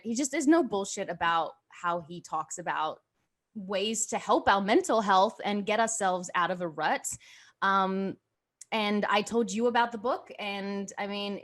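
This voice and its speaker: A woman's voice: medium pitch, normal speed. A woman hosting a podcast, chatting in a bubbly, rambling way with lots of fillers. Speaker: podcast host. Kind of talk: casual podcast chat.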